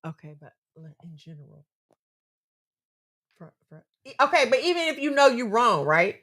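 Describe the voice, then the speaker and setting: A woman's voice: fairly high pitch, big pitch swings, normal speed, a bit bright. A woman co-hosting a casual chat, giving earnest, faith-based relationship advice and repeating phrases for emphasis.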